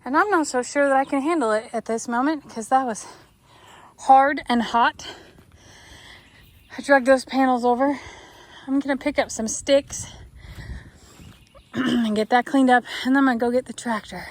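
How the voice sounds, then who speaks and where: A woman's voice: sits high, fairly even intonation, normal speed, pauses often. A woman chatting casually to the camera outdoors on a farm while doing chores. She talks to herself and makes playful asides to her viewers. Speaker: vlogger and horse owner.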